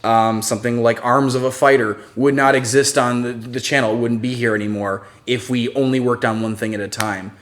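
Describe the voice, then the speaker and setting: A man co-hosting a casual live stream, rambling and relaxed with many fillers. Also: medium pitch, brisk, few pauses. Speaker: channel co-host.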